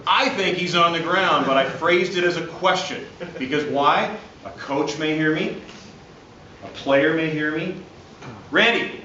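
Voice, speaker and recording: A man coaching a group of referees, speaking in short, punchy phrases and often ending with "okay?". He acts out calls and shouts in a louder voice. The sound is distant and dull, with heavy echo from a big hall. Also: mid-range voice, slight background noise. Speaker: guest speaker at referee training. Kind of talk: coaching talk to an audience. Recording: echoey hall, distant lo-fi mic.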